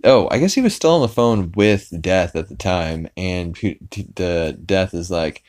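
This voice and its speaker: A man's voice: low voice, lively intonation, moderate pace, few pauses, a little mellow. A man hosting a podcast, casually recapping a cartoon episode in a rambling way with many fillers. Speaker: podcast host.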